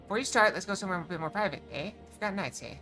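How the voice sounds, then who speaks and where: A woman's voice: medium pitch, very fast, pushed and bright, soft background music. A woman streaming a game live at her desk, chatting casually and poking fun at herself. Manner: chatty, self-mocking, rambling. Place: at a desk at home.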